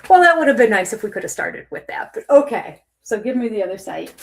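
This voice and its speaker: An older woman vlogging, chatty and animated, acting out both sides of phone calls with laughs and dropping to a near-whisper at times. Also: a little high, quick pace. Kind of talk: casual storytelling vlog.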